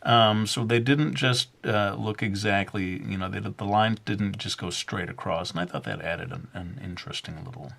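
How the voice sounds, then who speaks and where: A man's voice: on the low side, vocal fry, fairly bright tone. A man narrating a drawing tutorial in a loose, rambling way, full of fillers and little self-deprecating jokes. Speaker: drawing instructor.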